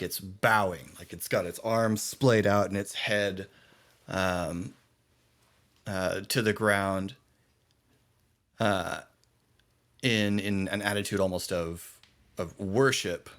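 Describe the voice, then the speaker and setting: Lowish-voiced man narrating as game master. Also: fairly even intonation, a bit bright. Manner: halting, filler-laden narration.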